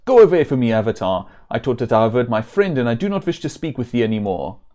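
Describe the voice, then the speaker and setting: A man's voice: mid-range voice, big pitch swings, quick pace, mellow, close to an everyday voice. A man voicing a stern, earnest adult male warrior with a put-on German accent and formal old-style speech.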